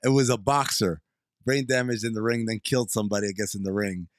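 A man's voice: lowish voice, fairly even intonation, fast, no echo, clean studio sound. A man co-hosting a movie podcast in casual chat, joking and riffing with the others. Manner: jokey, riffing. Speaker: podcast co-host.

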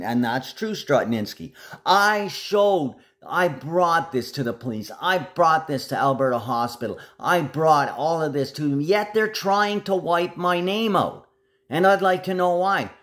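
A man delivering a rambling, agitated monologue to camera, jumping from one topic to the next. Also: fairly high pitch.

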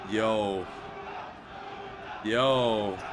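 A man's voice: fairly low pitch, drawn-out words, crowd noise, noisy background. A young Canadian man casually commenting as he plays a shooter, joking and repeating lines from the game. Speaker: gamer playing a shooter.

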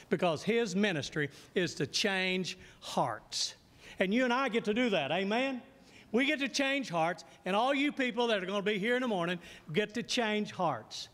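A man with a high voice preaches a sermon in a church sanctuary, and the room rings with a long reverb. He keeps asking his congregation questions and waiting for them to answer back. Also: fairly bright tone.

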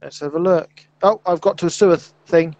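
A man's voice: a little high, fairly even intonation, a little fast. A man hosting a casual co-op gaming session, chatty and jokey, narrating what he is doing. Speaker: let's play host. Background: game music.

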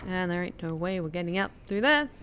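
A woman's voice: fairly low pitch, expressive, fairly quick, fairly bright tone, a little hiss or hum. A woman streamer casually commenting while she plays a horror game, musing and theorizing aloud. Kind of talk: casual let's-play commentary.

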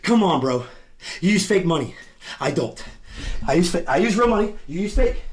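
A man's voice: sits high, sing-song, moderate pace, long pauses. A man livestreaming, trading brash, profane taunts and repeating his jabs. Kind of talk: heated livestream argument.

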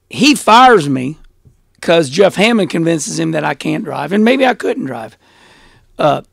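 A middle-aged man as an interview guest, telling stories in a blunt, animated way and laughing often. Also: a little high, vocal fry, no echo, clean studio sound. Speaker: interview guest, former race car driver. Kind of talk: casual storytelling interview.

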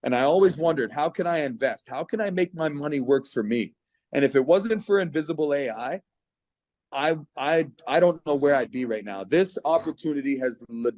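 A man's voice: on the high side, a little mellow, dry recording. A middle-aged man from Canada giving an earnest, persuasive personal testimonial on a video call. His voice catches with emotion as he speaks.

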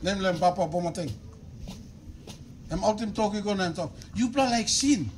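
A man with a Papua New Guinean accent preaching a sermon as a bishop, emphatic and animated, swinging between loud exhortation and low, quiet asides. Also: normal speed, a little hiss or hum, rough recording.

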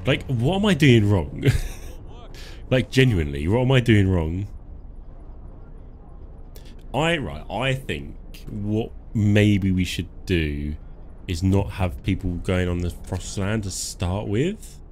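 A man's voice: lowish voice, expressive, slow, pauses often, darkish tone, slight background noise. A man giving casual live commentary while playing a game, joking and chuckling as he talks to himself and his chat. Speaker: live-stream gamer.

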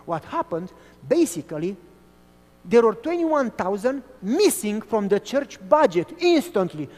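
Male pastor from Romania, storytelling sermon, high pitch, long hall reverb. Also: a little slow. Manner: animated storytelling preacher.

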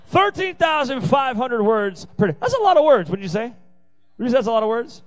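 A man's voice: very high-pitched, huge pitch swings, quick pace, faint music behind, rough recording. A man preaching a youth sermon, emphatic and repetitive, with playful asides. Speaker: youth pastor. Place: youth service venue.

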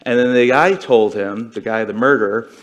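A man's voice: medium pitch, moderate pace, dull audio. A man giving a conversational sermon to a congregation, retelling a story earnestly and with feeling. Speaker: congregation speaker.

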